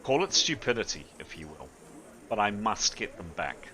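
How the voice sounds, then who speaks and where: Brief: proud aging warrior mother, stubborn, bright forceful tone, played by a man. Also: lowish voice, big pitch swings, normal speed, slight background noise. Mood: defiant. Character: older woman, proud stubborn mercenary commander.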